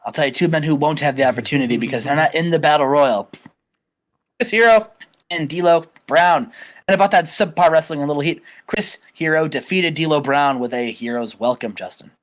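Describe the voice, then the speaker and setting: A man's voice: on the high side, brisk. Man rambling through a wrestling story. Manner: animated, rambling storytelling with many fillers. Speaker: host. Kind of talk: casual game playthrough chat.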